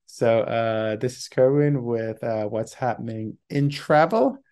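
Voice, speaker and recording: Man, podcast host, casual solo talk, rambling, lots of fillers, warm low-key tone. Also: a little slow, clean tone. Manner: rambling, many fillers and restarts; acts out quoted voices in an anecdote.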